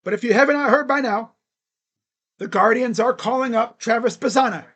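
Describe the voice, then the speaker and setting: Excitable high-voiced man calling plays. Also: moderate pace. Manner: excitable, swears casually, laughs often. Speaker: live play-by-play streamer. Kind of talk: casual play-by-play commentary.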